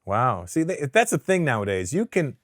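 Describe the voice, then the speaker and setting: A man, a comedian, talking candidly in an interview, blunt and profane and quick to act out what others say. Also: mid-range voice, no echo, studio quality. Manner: blunt, profane, animated storyteller. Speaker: comedian guest.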